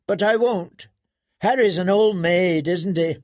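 A man's voice: high-pitched, a little slow, darkish tone, dry recording, studio quality, pitched above the performer's own voice. A man voicing a proud, eager young prince who talks brashly and self-assuredly. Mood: cocky.

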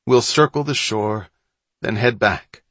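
A man's voice: on the low side, slow pace, dry recording. A man doing a bossy, hot-headed older boy. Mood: bossy shouting. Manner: loud, boastful, bossy.

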